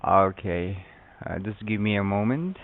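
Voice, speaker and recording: A man's voice: on the low side, a little slow. A man acting as a phone support agent, speaking in formal, repetitive stock phrases. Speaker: phone scammer. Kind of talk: scripted support call. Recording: tinny phone line.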